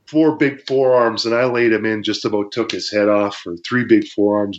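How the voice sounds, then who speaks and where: A Canadian man, a former pro wrestler, telling stories in a casual interview, acting out shouts and sound effects and laughing often. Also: lowish voice, normal speed. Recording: dull lo-fi audio.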